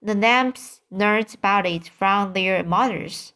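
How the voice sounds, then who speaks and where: Woman reading a kids book out loud, real slow and careful, trips on a word here and there. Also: medium pitch. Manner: slow, careful reading with occasional slips and restarts. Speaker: audiobook reader. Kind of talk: storybook narration.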